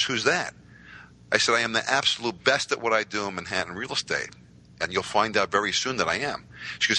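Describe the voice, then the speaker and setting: A man, telling stories as a podcast guest with lively voiced quotes. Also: fairly low pitch, low-quality recording. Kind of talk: casual storytelling.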